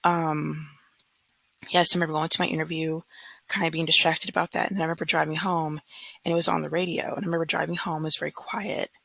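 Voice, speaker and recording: A woman's voice: low-pitched, little pitch movement, fast talker, vocal fry, a bit bright, slightly rough, no echo, poor audio. A woman in her thirties from California, talking earnestly and frankly in a casual vlog monologue, often mimicking others in mocking quotes. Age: 30s. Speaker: vlogger.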